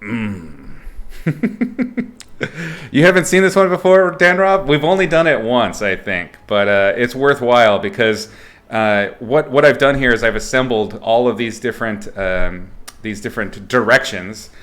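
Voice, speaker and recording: A man's voice: medium pitch, expressive, unhurried, fairly bright tone. A man teaching art on a livestream in a casual, playful way, joking and swearing as he rambles. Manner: rambling, with fillers and restarts. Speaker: art instructor streaming.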